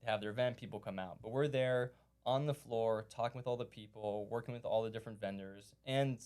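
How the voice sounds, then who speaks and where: A man's voice: mid-range voice, a little fast, darkish tone. A man talking as a guest on a casual podcast, explaining his venue management work step by step with enthusiasm.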